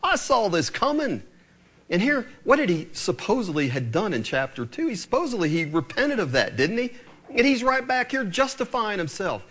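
A man preaching a sermon, acting out the people in the story as he goes. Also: fairly quick. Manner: animated preaching, acting out voices with swings of pitch. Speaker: pastor.

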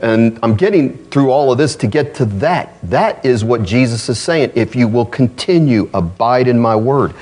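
Husky-voiced man preaching with lively swings. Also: medium pitch, moderate pace, hardly any pauses. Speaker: pastor. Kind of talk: sermon.

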